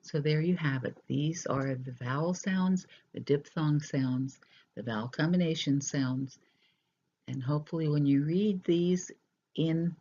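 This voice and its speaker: A teacher giving a recorded language lesson, explaining slowly and deliberately with hesitant fillers, in a dull lo-fi recording. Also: mid-range voice, mellow, slightly rough.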